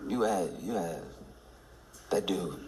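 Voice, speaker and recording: A man performing a stand-up comedy routine, telling a story with restarts and climbing into excited laughter. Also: low-pitched, slow.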